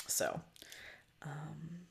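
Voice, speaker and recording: A woman hosting a podcast, talking in a loose, candid, profane way about spiritual matters, with frequent ums and soft near-whispered stretches. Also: sits low, very animated, very slow. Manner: often drops to a soft, breathy near-whisper. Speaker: podcast host. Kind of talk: casual spiritual reflection.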